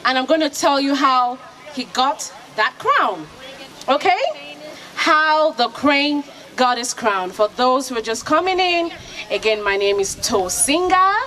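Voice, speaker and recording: High, lively woman storyteller from Nigeria. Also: unhurried, rough recording. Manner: lively, call-and-response, coaxing children to join in. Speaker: storyteller and radio host. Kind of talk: interactive storytelling for children. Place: outdoor festival kids' area. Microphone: handheld microphone. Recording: outdoor crowd noise in background.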